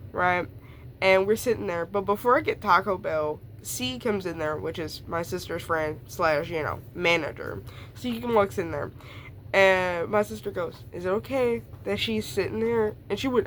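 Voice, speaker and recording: A woman's voice: fairly low pitch, slight background noise. A young woman casually telling a rambling personal story, full of fillers and asides. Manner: rambling, lots of fillers and laughs, quick asides.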